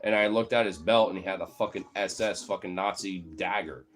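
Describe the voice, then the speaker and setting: A man's voice: low-pitched, brisk, faint music behind. A man giving a heated, profane, rambling political rant in casual chat, talking straight to his viewers as a streamer.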